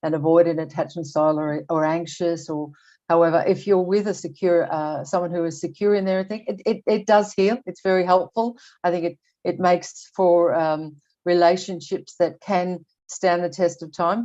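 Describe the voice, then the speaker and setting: An older woman speaks candidly as a podcast guest in a fairly low voice. She stops, restarts and repeats words as she works through her thoughts, and the recording sounds dull and lo-fi. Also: fairly even intonation, moderate pace, warm tone. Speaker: guest expert. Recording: dull lo-fi audio.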